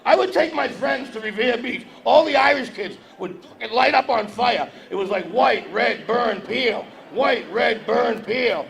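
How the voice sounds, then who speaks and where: Guy doing crude standup, high gravelly voice, echoey hall, mic kinda far. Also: a little slow, few pauses, a bit bright. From Massachusetts. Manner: brash, profane, teasing the audience. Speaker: stand-up comedian. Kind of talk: stand-up with crowd work. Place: breakfast event hall with audience. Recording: echoey hall, distant mic, crowd noise.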